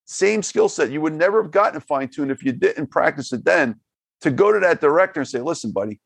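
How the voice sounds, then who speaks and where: A man's voice: a little high, animated, brisk, gravelly, breathy edge, no room sound. A man hosting a podcast, rambling and repeating words as he sums up his guest's points. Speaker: podcast host. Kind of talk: podcast conversation.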